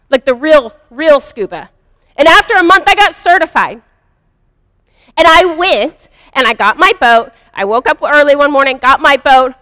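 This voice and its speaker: Woman speaker, high bright voice, earnest confessional storytelling, long hall reverb. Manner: earnest, confessional, vivid retelling. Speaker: speaker sharing a personal story. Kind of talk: first-person spiritual storytelling.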